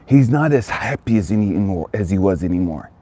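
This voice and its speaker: A man's voice: sits low, lively intonation, fairly quick, warm tone. A man telling a motivational story, emphatic and fond of repeating phrases for effect. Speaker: motivational speaker.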